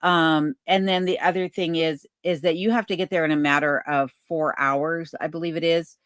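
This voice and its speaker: In a remote Alaska cabin, a woman with a deep, clean-toned voice does a casual livestream Q&A. Unhurried and relaxed, she reads out chat comments and answers them with lots of ums. No echo is audible, and the quality is studio level.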